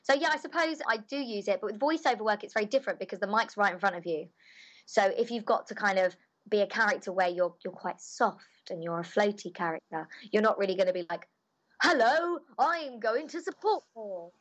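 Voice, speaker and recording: A young woman talks in a cheerful, bubbly manner. She is a voice actor giving relaxed, chatty answers in an interview. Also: mid-range voice.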